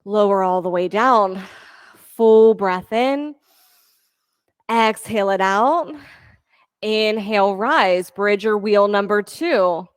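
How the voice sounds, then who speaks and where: A woman teaching a yoga class, giving steady counting cues and encouraging her students. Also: mid-range voice, slow pace, long pauses, clean tone, no echo, clean studio sound. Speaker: yoga instructor. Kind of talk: leading a live yoga class.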